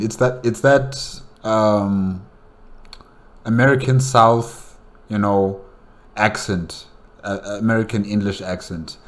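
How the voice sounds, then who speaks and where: A man hosting a reaction video, commenting casually in a rambling way with many fillers. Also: lowish voice.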